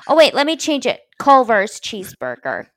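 A woman's voice: fairly high pitch, very animated, normal speed, a bit bright, no echo, studio quality. A woman co-hosting a podcast, easygoing and easily distracted in casual chat. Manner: easygoing, distractible, laughs often. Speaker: podcast co-host.

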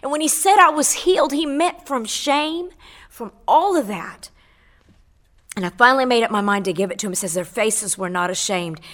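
On a radio show, a middle-aged woman gives an impassioned testimony as a guest, with fervent, preacherly energy. Her expressive, fairly bright voice is a little high for a woman and climbs higher as she presses each point, swelling on key phrases at a moderate pace. She repeats words and phrases and leans into scripture.

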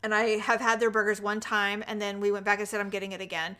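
A woman's voice: medium pitch, fast, clean tone. A woman in her forties co-hosting a podcast, telling stories in casual chat and acting out the voices of people she quotes. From Northern California. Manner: animated storyteller, acts out quoted voices. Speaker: podcast co-host.

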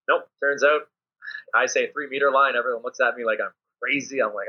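A man, a volleyball coach, chatting casually in a podcast interview and acting out lively classroom scenes. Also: mid-range voice, moderate pace, pauses often. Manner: animated storyteller acting out his players and himself. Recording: dull lo-fi audio.

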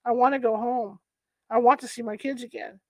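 A woman's voice: on the high side, steady tone, no room sound. Scared man under hypnosis stammering through his memories, read by a lady, dry close sound. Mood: fearful. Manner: halting, fearful recall. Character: frightened man recalling alien abduction under hypnosis.

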